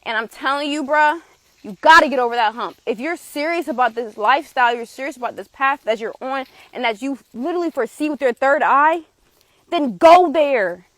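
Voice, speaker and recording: A woman, a tarot reader giving a passionate, forceful live spiritual reading with blunt swearing. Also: high voice, animated, a little fast, no room sound. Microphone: streaming setup.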